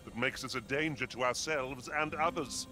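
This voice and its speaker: A man's voice: medium pitch, normal speed, natural voice. An actor playing a grave male warrior companion in a fantasy video game, speaking in a solemn, warning manner over faint game music.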